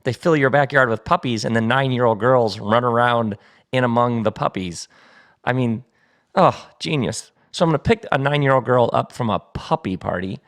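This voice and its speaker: A man's voice: mid-range voice, moderate pace. A middle-aged man hosting a casual solo podcast from his kitchen table, chatty and playful, laughing easily. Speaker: podcast host. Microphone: studio mic set up at the table.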